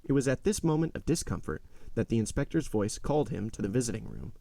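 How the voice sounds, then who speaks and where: A man narrating a classic novel aloud in a measured storytelling manner. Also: mid-range voice, very animated, vocal fry, mellow, no echo. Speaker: audiobook narrator.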